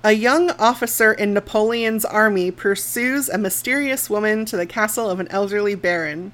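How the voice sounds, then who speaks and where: A woman's voice: mid-range voice, moderate pace, fairly bright tone. A woman co-hosting a casual movie review podcast, talking frankly with plenty of swearing, laughing often and sometimes trailing off mid-thought. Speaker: podcast co-host.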